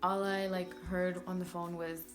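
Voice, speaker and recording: A woman's voice: on the low side, little pitch movement, moderate pace, over music. A young woman vlogger telling a personal story in a rambling way, full of "like" fillers. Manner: rambling, heavy use of "like" fillers.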